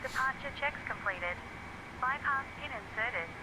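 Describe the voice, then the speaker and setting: A woman voicing an airport ground crew worker in a game, giving brisk, clipped procedural callouts. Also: sits high, lively intonation. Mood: businesslike. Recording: tinny lo-fi line with noise.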